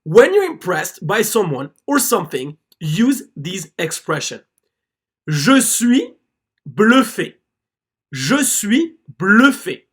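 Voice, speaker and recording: Teacher, slow, sing-song delivery, clear phrase-drilling lesson narration. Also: medium pitch. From France. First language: French. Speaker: French teacher. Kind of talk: scripted slide-based lesson narration.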